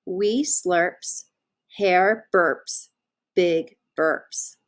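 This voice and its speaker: A woman's voice: medium pitch, animated. A woman teacher reading a picture book aloud to young children, stopping to ask them questions. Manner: slow, sing-song, asks children questions.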